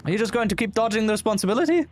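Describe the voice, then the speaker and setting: A man's voice: high voice, lively intonation, racing, a little hiss or hum, voice pushed up. A man voicing a pushy reporter who fires accusatory questions in a game. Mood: pressing. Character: pushy male reporter hounding a celebrity.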